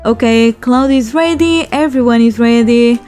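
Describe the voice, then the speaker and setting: A woman casually commenting on a life-sim game as she plays, chatting and scolding her characters, with quick bursts of laughter. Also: fairly high pitch, darkish tone, soft background music. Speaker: let's play host.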